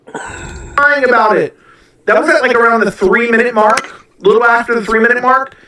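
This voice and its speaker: A man's voice: very high-pitched, steady tone, fast talker, pushed and bright. A man giving mocking, emphatic commentary in a casual podcast clip. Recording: echoey room, distant mic.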